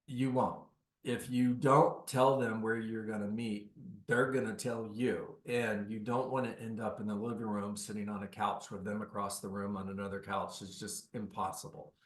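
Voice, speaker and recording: A man's voice: on the low side, roomy sound. A man leading a real estate coaching session on a video call, giving direct, instructive advice.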